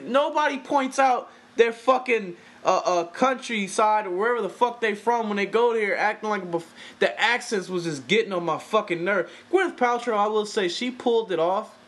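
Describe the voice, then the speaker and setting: A man's voice: sits high, a bit bright. A man giving a casual, profane, exasperated film review, talking animatedly and swearing freely.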